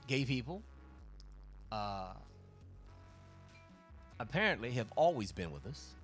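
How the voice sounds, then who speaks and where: A man speaking at a middle pitch, a comedian riffing through a casual livestream monologue. He talks with force and swears freely. He circles back and restarts his thoughts as he goes, over faint background music. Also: very animated, slow pace, fairly bright tone. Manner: profane, emphatic, rambling with restarts.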